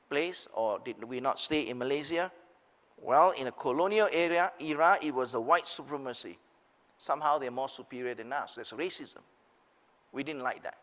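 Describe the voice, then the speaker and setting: A man's voice: mid-range voice, fairly bright tone. Emphatic older man, reverby call. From Singapore. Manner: emphatic, rising and dropping for rhetorical questions. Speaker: seminar panelist. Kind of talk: impassioned panel speech. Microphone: video call.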